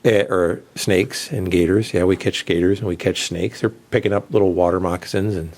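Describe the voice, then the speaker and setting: A man's voice: deep voice, steady tone, moderate pace, a little mellow. A middle-aged man hosting a radio show, telling a long rambling story in a casual way and laughing as he goes. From southern United States. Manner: rambling, laughs through his own story.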